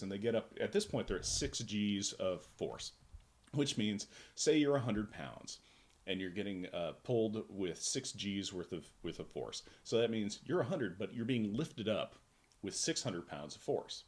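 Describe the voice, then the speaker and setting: A man's voice: lowish voice, lively intonation, moderate pace. A man co-hosting a casual comic book podcast, explaining plot holes with long, playful pseudo-scientific theories. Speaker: podcast co-host. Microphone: podcast microphone.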